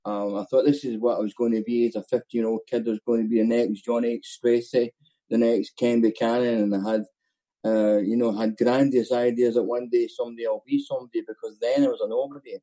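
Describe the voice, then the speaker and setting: A middle-aged man from Glasgow with a Glaswegian Scottish accent, giving a personal testimony as guest speaker at a recovery meeting in a candid, halting way with many ums and restarts. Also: medium pitch, level tone, warm tone, rough recording. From Scotland.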